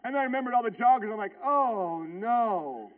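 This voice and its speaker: Preaching a sermon anchored in a personal anecdote, a thirty-something pastor repeats phrases with animated force. He speaks in a very high voice and talks very fast.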